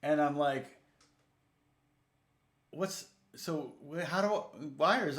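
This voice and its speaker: A man's voice: fairly high pitch, lively intonation, measured pace, long pauses, reverberant. A man, a guitar teacher telling a rambling story in casual livestream chat and acting out both sides of a conversation.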